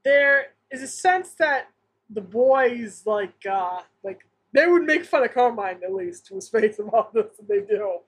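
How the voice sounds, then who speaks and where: A woman's voice: a little high, measured pace, breathy edge. A woman co-hosting a casual podcast chat about an old sitcom, laughing often and joking. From Massachusetts. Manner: laughs often, animated, jokey. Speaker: podcast co-host.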